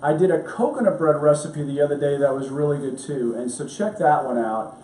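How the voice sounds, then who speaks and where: A man's voice: a little high, fairly quick, mellow, recorded from a distance, a little hiss or hum. A middle-aged man from New York, a doctor hosting a health show, talking in a chatty, rambling, upbeat way at home in his kitchen. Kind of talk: casual cooking and health talk. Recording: echoey room, voice off-mic.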